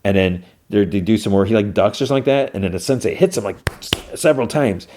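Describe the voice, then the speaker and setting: A man's voice: fairly low pitch, fast, background noise. A man hosting a podcast, casually recapping a TV episode scene by scene with loose quoted lines and lots of filler words. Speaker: podcast host.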